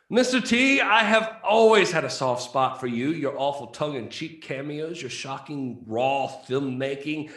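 A man's voice: medium pitch, fairly bright tone, heavily acted. A man voicing a pompous British male film reviewer with a put-on British accent and a theatrical, indignant delivery. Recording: roomy echo.

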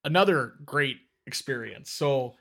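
A man hosting a casual podcast, telling stories in a rambling, animated way, with frequent restarts, into a podcast microphone. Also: medium pitch, a little slow, creaky. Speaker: podcast host. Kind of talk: casual chat.

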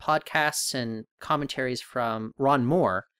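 Male co-host, mid pitch, chatty and rambling, dry close sound. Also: slow, fairly bright tone, smooth, no room sound. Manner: rambling, thinking aloud with many restarts. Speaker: podcast co-host. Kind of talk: casual podcast chat.

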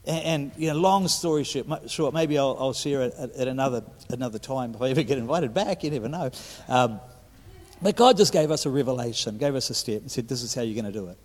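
A man in his fifties with a New Zealand accent, preaching a sermon as a guest speaker, stumbling over restarts and swinging between loud and hushed delivery. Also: mid-range voice, quick pace. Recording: echoey hall.

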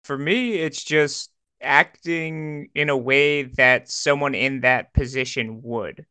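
Smooth, clear-voiced young man. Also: mid-range voice, slow, sharp tone, no room sound. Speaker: podcast co-host. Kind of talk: casual chat.

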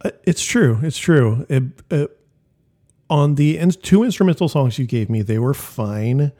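A man's voice: medium pitch, expressive, unhurried, mellow. A man co-hosting a music podcast, talking casually and rambling with fillers and restarts. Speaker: podcast co-host.

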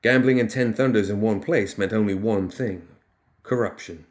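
A man narrating a fiction audiobook in steady storytelling. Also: on the low side, moderate pace.

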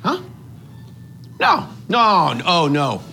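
A man playing a goofy, oblivious dad in a comedy sketch, rambling with a bouncy, sing-song lilt. Soft music hums underneath him. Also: high voice, drawn-out words, gravelly, full character voice. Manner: excitable, rambling, lively delivery.

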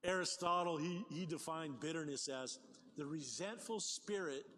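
An older man preaching a sermon as pastor, talking in a conversational, animated way with folksy asides. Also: on the high side, moderate pace. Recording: long hall reverb, faint ambience.

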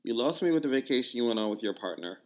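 A man's voice: medium pitch, animated, fast talker, natural voice. A man voicing a blunt, distrustful woman with a put-on Jamaican accent, reading out her curt, scolding text messages. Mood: guarded.

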